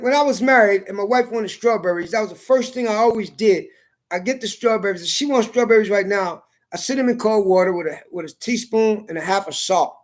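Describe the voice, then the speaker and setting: A man rambling in a casual monologue, cursing often and repeating words as he goes. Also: high voice. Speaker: vlogger.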